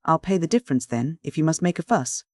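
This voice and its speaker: A reader voicing a brisk, fussy young woman typist with a Cockney accent. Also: medium pitch, animated, no room sound, studio quality, natural voice. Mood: protesting.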